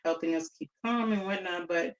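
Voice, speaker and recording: A woman's voice: lowish voice, moderate pace, roomy sound, rough recording. A woman from Southern California, a guest in a casual interview, telling stories in a chatty, reflective way with restarts.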